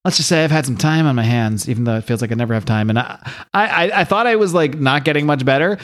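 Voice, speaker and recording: A man's voice: medium pitch, lively intonation, fast talker, fairly bright tone. Chill guy hosting a comic podcast, retelling panels, laughs a lot, rambly. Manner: laid-back, chuckling, rambling retelling. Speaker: podcast co-host. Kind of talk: casual chat and comic recap.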